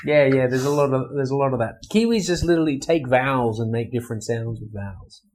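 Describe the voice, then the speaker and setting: A man talking in a relaxed, agreeable way during a casual chat. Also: mid-range voice, fast, a little hiss or hum. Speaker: podcast guest.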